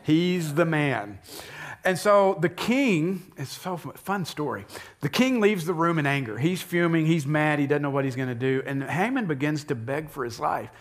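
A pastor giving a sermon, retelling a story in an animated, conversational way with asides to the congregation. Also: male voice, fairly high pitch, moderate pace.

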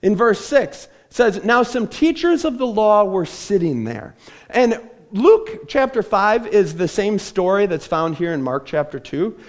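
A man's voice: high-pitched, sing-song, unhurried. A man preaching a sermon from a church stage, telling the story with animation and acting out the voices of the people in it. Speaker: pastor.

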